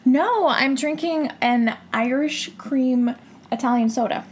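A woman's voice: high voice, takes it slowly, slight background noise. A woman co-hosting a podcast in casual chat, talkative and laughing often with self-conscious asides. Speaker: podcast co-host.

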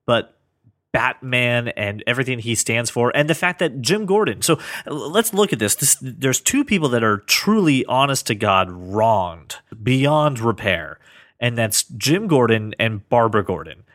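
A man co-hosting a casual podcast, talking earnestly about comics and thinking out loud with lots of restarts. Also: medium pitch, animated, unhurried, dry recording, clean studio sound. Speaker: podcast co-host.

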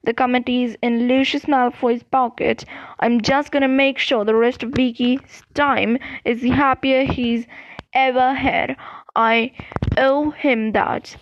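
A woman voicing a big, gentle, grieving groundskeeper man who speaks slowly and sorrowfully in a storybook reading. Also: high-pitched, steady tone, highs cut off.

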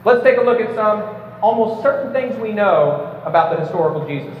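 A man with a high-pitched, lively voice talks fairly quickly, giving an emphatic prepared debate speech to a live audience and lecturing with occasional stumbles and light jokes. The recording is in an echoey hall with a distant mic, slightly dull, with slight background noise.

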